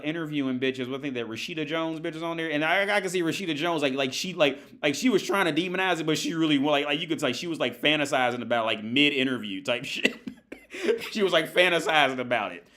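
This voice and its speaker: At home by his TV, a man hosts a casual livestream, ranting crudely and rambling with many restarts and fillers. His voice is on the high side with a sharp tone.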